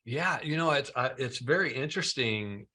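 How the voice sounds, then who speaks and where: Bright-voiced middle-aged man telling his story. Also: medium pitch, lively intonation, moderate pace, breathy edge. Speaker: podcast coach, guest. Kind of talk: casual interview chat.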